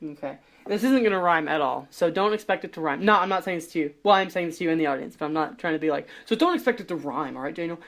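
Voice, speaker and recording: A woman hosts a casual podcast, chatting in a rambling, self-deprecating way and improvising songs on guitar. Her voice sits low and she talks very fast, with loud guitar music running underneath the recording.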